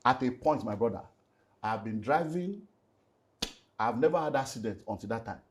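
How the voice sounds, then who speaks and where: At an ordinary pace and in a mid-range voice, a middle-aged Nigerian pastor and relationship speaker shares an emotional personal testimony during an interview. He narrates with energy, uses Nigerian Pidgin, and veers between loud and hushed, while a little hiss or hum sits under the recording.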